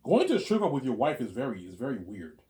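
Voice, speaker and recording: A man talking in a casual, rambling monologue, repeating words and restarting sentences, with loud excited bursts that drop to low mutters. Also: fast. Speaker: vlogger.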